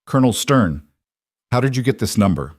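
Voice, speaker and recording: A man's voice: medium pitch, very animated, brisk, a little mellow, no room sound, clean studio sound. A man voicing a guarded former soldier and father, speaking tersely and firmly. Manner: terse, firm.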